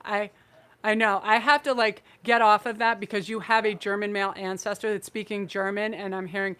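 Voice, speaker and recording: An effusive woman hosts a live-streamed tarot reading on her channel, emotional and rambling, often restarting her sentences. Her medium-pitched voice is smooth and a bit bright, with little pitch movement and a slightly fast pace.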